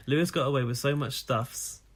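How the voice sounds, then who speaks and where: A man's voice: mid-range voice, fairly quick, close to an everyday voice. A man voicing a snarky male listener's ranting email, read in a mocking, sarcastic tone. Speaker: podcast co-host.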